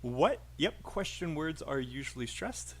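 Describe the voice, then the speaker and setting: A man's voice: on the high side, lively intonation, a little slow, fairly bright tone. A man teaching English pronunciation on a live stream, chatty and encouraging, calling out names from the chat.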